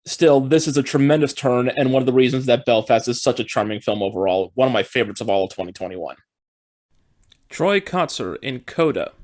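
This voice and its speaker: A man hosting his own film review channel, talking in an upbeat, steady and explanatory way as he reads through a scripted review. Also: mid-range voice, brisk.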